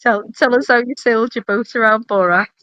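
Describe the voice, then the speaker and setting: A woman's voice: fairly high pitch, a little fast, fairly bright tone, clean tone, dry recording. A woman hosting a livestream, teasing her guest and giggling in casual banter. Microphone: video call. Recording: dull lo-fi video call.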